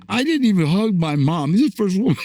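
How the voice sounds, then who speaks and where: A man's voice: sits high, darkish tone, dry recording. An older man from the United States, a guest in an interview, tells rambling stories of his past, repeating words and laughing often. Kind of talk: storytelling interview.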